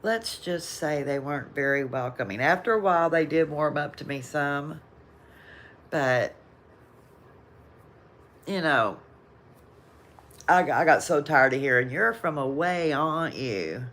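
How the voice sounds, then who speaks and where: Low-voiced older Southern woman chatting. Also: unhurried, long pauses, a bit bright. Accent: Southern American. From Southern United States. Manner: rambling, chatty, laughs often. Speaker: livestream host. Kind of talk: casual live chat reading viewer comments.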